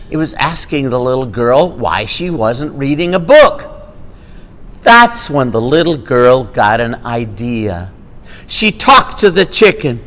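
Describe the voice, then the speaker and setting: A man's voice: fairly high pitch, big-room sound. A man telling a family story with puppets, acting out the animal sounds as he goes.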